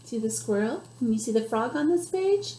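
A woman who works as a children's librarian, reading a picture book aloud with animated gasps and animal noises. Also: on the high side, normal speed, echoey room, a little hiss or hum.

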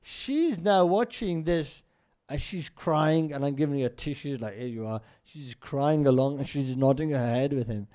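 A man's voice: a little high, moderate pace, warm tone. A man giving an informal religious lesson, telling stories and often checking in with his listeners. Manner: conversational storyteller, often checks in with "right?". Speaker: religious teacher. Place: mosque.

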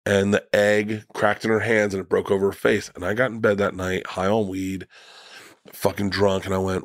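Middle-aged male comedian guest, low voice, dry close sound, profane rambling storyteller. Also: flat delivery, normal speed, no room sound. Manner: profane, rambling anecdotes with restarts. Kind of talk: casual storytelling conversation.

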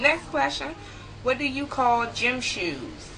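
Young woman, chatty home vlogger, unhurried, faint room hiss. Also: high-pitched, very animated. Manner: chatty, laughs easily, talks to viewers. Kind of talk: casual vlog, reading a word list aloud.

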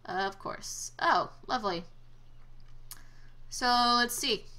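A woman's voice: mid-range voice, slow, bright, forceful tone. A young woman giving casual let's-play commentary, exclaiming at failures and trading sarcastic asides with the game. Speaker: gameplay commentator.

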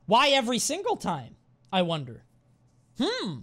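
Male game streamer, live commentary, playful and sweary, animated pitch, faint music behind. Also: moderate pace.

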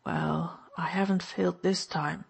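A woman's voice: fairly low pitch, steady tone, a little slow, gravelly, breathy edge, heavily acted. A woman reading an audiobook, voicing a weak, wounded male officer who snarls and taunts with open hostility. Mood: taunting. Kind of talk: audiobook narration.

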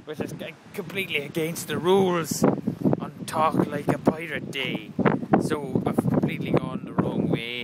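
A playful man talks casually to his handheld camera from a clifftop by the sea. His fairly high voice carries a gravelly rasp. A heavy roar of wind batters the microphone. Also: measured pace. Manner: playful, jokey, chuckling asides. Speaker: vlogger. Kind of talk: casual vlog chat. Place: outdoors on a windy sea cliff. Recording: loud wind noise outdoors.

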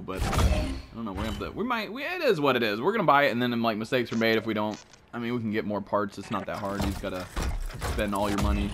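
A young man giving casual commentary as he opens in-game supply drops, excitable and full of slang. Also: lowish voice, very noisy. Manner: excitable, slangy, thinks aloud. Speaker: gaming streamer.

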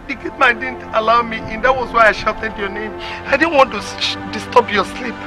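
A woman's voice: a little high, brisk, music in the background, natural voice. A Nigerian actress playing a woman who begs tearfully to be let in, pleading over and over. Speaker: sister-in-law begging at a door. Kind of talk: film drama acting. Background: film score.

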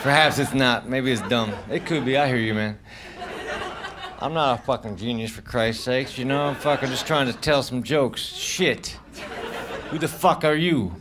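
A man performing live stand-up comedy, delivering deadpan one-liners with mumbled self-deprecating asides. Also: mid-range voice, normal speed. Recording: noisy live club recording with audience laughter.

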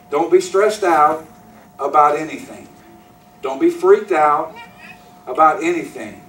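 A man's voice: high-pitched, a little hiss or hum. A man preaching a sermon as pastor, driving his points home with repetition and direct questions to the congregation. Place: church sanctuary. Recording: echoey hall, mic from a distance.

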